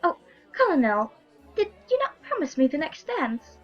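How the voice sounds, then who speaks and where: A gushing young noblewoman from a period story game, eager and a little breathless, voiced by a woman reading aloud. Her pitch sits a bit high. The sound is muffled, with faint game music underneath. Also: big pitch swings, normal speed. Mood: sweet. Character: bubbly young noblewoman, gushing over officers.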